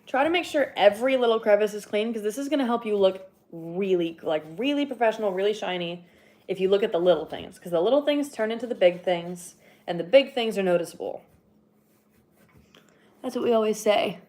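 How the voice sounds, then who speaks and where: Chatty and rambling, this livestreamer and horn player fills her talk with fillers and laughs often. Her young woman's voice is mid-pitched with a darkish tone and a slightly breathless quality, as if from lots of talking. She's animated and talks a little fast.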